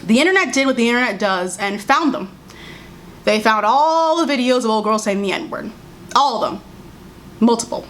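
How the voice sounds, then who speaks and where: An exasperated young woman rants to her camera at home, sarcastic and animated, her voice sitting somewhat high. A faint hiss of room noise runs under her casual commentary. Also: normal speed, long pauses. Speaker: YouTube commentary creator.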